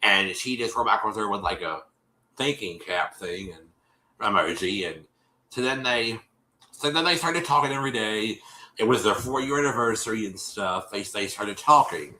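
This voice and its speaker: A man's voice: fairly low pitch, lively intonation, moderate pace, pushed and bright, roomy sound, rough recording. A man hosting a live stream, casually recapping a show in a rambling way, with many restarts and fillers. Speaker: host.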